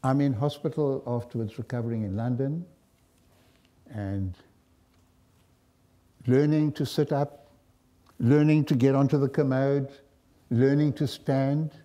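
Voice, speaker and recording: An older man with a South African accent gives a lecture. His voice is mellow and dark at an ordinary pitch. He tells stories in a reflective, wry way and often pauses. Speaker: guest lecturer. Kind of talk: storytelling lecture.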